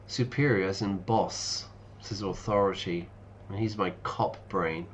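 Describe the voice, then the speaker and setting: A man's voice: low-pitched, fairly even intonation, measured pace, a little hiss or hum. A man, an English teacher, chatting casually and explaining words while streaming a game. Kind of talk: casual let's-play commentary.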